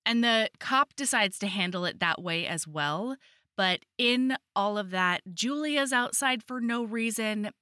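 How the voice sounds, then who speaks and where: A woman co-hosting a podcast casually recaps a romance novel and acts out the characters' lines as she goes, in an animated retelling. Her voice is fairly high and unhurried, with studio-quality sound and no room sound.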